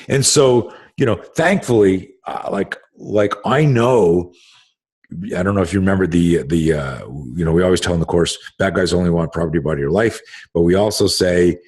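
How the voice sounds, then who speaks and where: A man's voice: low voice, breathy edge. A man hosting a podcast as a self-defense instructor, talking in an emphatic, profane, casual way with many restarts.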